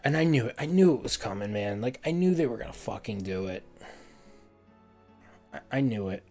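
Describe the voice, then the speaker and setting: A man's voice: mid-range voice, animated, normal speed, a little mellow, soft background music. A man streaming a heated game review, ranting and swearing often, repeating words in frustration.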